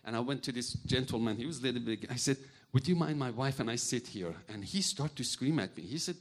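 A man's voice: mid-range voice, quick pace, hardly any pauses. Man preaching. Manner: animated storytelling, acts out voices, non-native grammar. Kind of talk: sermon with personal stories.

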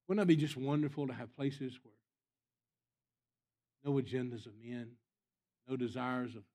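A man preaching as a guest speaker, telling stories in an earnest way with some soft asides. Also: medium pitch. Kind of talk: storytelling sermon.

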